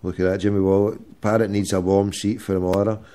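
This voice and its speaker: A man's voice: fairly low pitch, level tone, fairly quick, warm tone. A man with a Glasgow accent hosting, teasing and swearing in casual banter with a caller. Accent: Scottish, Glasgow. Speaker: host. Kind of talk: casual chat.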